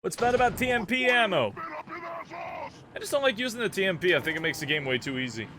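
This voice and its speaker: A man's voice: high voice, animated, fast, bright, forceful tone, shouting, a little hiss or hum. A young man casually commenting and joking while playing a game, exclaiming and humming as he goes.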